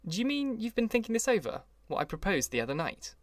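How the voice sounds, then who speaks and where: A man reading an audiobook, voicing an eager, charming wealthy young man who lingers warmly on his words. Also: high voice, sing-song, fast talker, no echo, clean studio sound, pitched above the performer's own voice.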